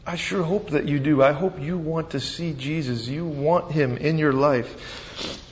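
A man preaching a sermon as pastor, retelling the scene with animated, dramatic storytelling. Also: on the high side, a little slow, a little hiss or hum. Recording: dull sound with long reverb.

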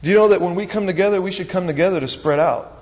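Guy preaching, high voice, gets really animated telling the story, dull recording w/ long hall echo. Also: racing. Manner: animated storytelling, acting out scenes. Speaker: pastor. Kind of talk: sermon. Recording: dull sound with long reverb.

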